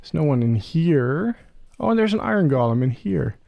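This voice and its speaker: Chatty young man with a gravelly voice. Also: a little high, normal speed, dry recording, dull audio. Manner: chatty, talks to game creatures, excited rising questions. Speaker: Let's Play creator. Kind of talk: casual gameplay commentary.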